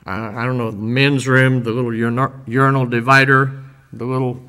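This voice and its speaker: An older man speaking informally to a church congregation, telling stories in a folksy, rambling way with many pauses. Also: medium pitch, little pitch movement, sharp tone, clear, resonant tone. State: emotional, voice dropping. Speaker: visiting church-building minister.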